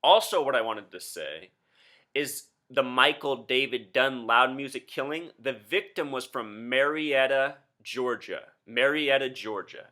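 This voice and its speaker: A man in his thirties with a bright, forceful voice talks straight to his viewers. He is insistent and keeps throwing rhetorical questions at them, in the manner of a solo commentary video. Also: medium pitch, a little slow. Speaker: video host.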